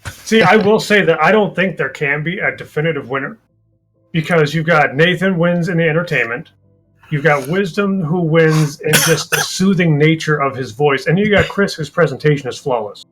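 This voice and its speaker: A man's voice: fairly high pitch, normal speed, fairly bright tone, faint music behind. A man co-hosting a casual online chat show, upbeat and teasing as he keeps track of the votes. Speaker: co-host counting votes.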